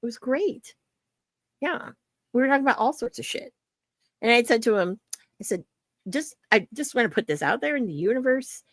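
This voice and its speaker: A woman co-hosts a casual podcast and tells fan stories with plenty of fillers and swearing. Her pitch swings widely as she gets into a story. The sound is dry and close to the mic. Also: normal speed, pauses often, no echo. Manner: animated storyteller, swears freely, many fillers. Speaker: podcast co-host. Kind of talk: casual chat.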